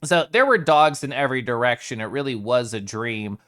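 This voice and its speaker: A playful streamer in a loose, casual chat with viewers, the pitch swinging widely from low to high. They laugh often and break off to greet people by name. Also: expressive, a little fast, a bit bright. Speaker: live streamer.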